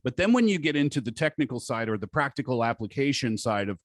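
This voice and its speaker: A man's voice: mid-range voice, big pitch swings, quick pace, no echo. A man hosting a podcast interview, attentive, asking long rambling questions of his guest. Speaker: podcast host. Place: podcast studio.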